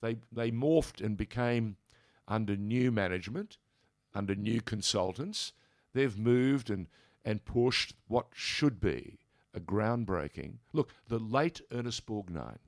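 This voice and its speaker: An older Australian man from Sydney, a radio interview guest in a studio, telling animated stories and mimicking voices as he goes. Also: on the low side, a little slow, no room sound. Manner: animated storyteller who mimics voices in anecdotes.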